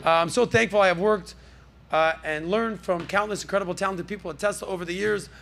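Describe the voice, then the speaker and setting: A man hosting a podcast, riffing on the news with animated, jokey asides to his crew. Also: sits high, quick pace, creaky. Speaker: podcast host. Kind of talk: energetic news commentary.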